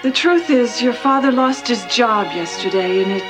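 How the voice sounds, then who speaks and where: An actress playing a gentle TV mother, music behind. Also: fairly high pitch, lively intonation, moderate pace, lightly acted. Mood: tender. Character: gentle mother comforting her children. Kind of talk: TV drama acting.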